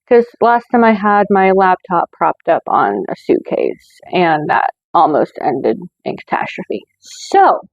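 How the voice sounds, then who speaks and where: A woman's voice: lowish voice, sing-song, measured pace, vocal fry, few pauses, no echo, muffled recording. A woman hosting her own movie review channel, talking in a chatty way with lots of fillers and self-corrections. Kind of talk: casual scripted review.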